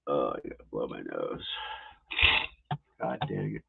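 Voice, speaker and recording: A man's voice: extremely low pitch, wildly swooping pitch, unhurried, vocal fry, pauses often, breathy edge. A man rambling in casual live-stream chat, restarting sentences and talking to his viewers, with tinny phone-like audio. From New England. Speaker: golf instructor streaming live.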